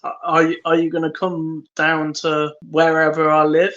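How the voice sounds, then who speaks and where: A man's voice: on the high side, monotone, moderate pace, fairly bright tone, lo-fi sound. A man co-hosting a podcast in casual chat, giving brief dry replies. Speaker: podcast co-host.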